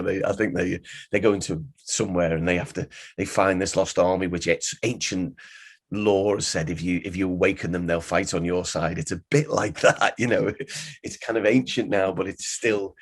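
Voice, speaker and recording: A man's voice: low-pitched, breathy edge. A man talking casually, rambling and searching for his words. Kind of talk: casual interview talk.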